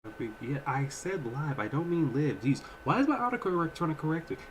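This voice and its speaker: A young man talking casually on a livestream, his pitch bouncing up and down as he rambles with slang and open emotion. The audio carries clear background noise, like a home stream setup. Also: very animated, a little fast, poor audio. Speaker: livestream reaction host.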